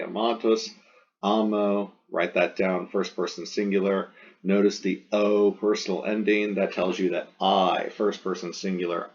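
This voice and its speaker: A man's voice: low-pitched, dull audio. A man teaching a recorded Latin grammar lesson, methodically walking through verb forms and repeating them to drill them.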